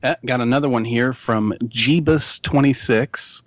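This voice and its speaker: A man co-hosting a casual gaming podcast, relaxed and jokey, often laughing as he reads listener mail. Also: mid-range voice, a little slow, no echo. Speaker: podcast co-host.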